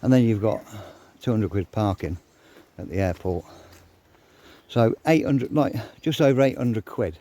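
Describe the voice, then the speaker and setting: An older vlogger with a warm, fairly low voice and lively intonation talks unhurriedly to the camera in a casual rant. He's blunt and grumbling, swears freely, and sounds a little out of breath.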